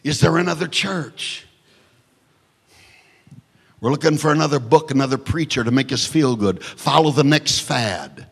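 A male pastor preaching a sermon, swinging from shouted lines to hushed near-whispers with joking asides. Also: mid-range voice, a little fast, vocal fry, hardly any pauses, breathy edge, long reverb tail.

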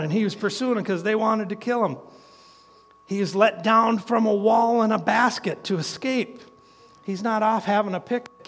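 A middle-aged man delivers a folksy sermon, chuckling between his points. His voice sits high for a man. A long reverb trails each phrase, as in a church hall. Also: a bit bright. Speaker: preacher.

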